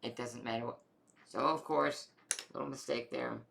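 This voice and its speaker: A young adult man casually telling a long personal health story, rambling and animated, with many fillers. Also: medium pitch, normal speed, vocal fry.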